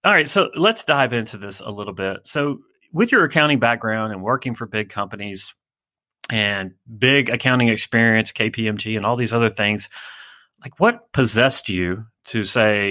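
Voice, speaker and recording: Male show host, bright forceful voice, dry close sound, energetic and friendly. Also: lowish voice, moderate pace, no echo. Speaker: podcast host. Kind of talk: hosting an interview show.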